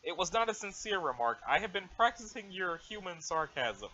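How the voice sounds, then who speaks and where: A man's voice: high-pitched, big pitch swings, normal speed, bright, forceful tone, lo-fi sound, full character voice. A man reading as a stiff formal alien girl. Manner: stiff, overly formal wording.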